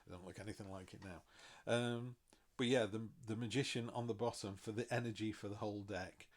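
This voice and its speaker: A middle-aged man giving a casual tarot reading, chatty and self-mocking, with animated asides. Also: fairly low pitch, brisk, slight background noise. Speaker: tarot reader.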